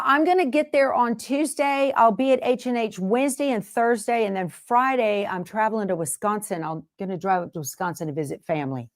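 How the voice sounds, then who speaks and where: Rambling woman livestream host. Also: on the high side. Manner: rambling, jumps between topics and interrupts herself. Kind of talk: casual livestream chat, answering viewers.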